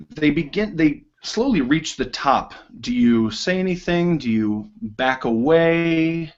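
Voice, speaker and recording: A man narrating as game master of a tabletop game, in an unhurried, hesitant way with many fillers. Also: mid-range voice, dull audio.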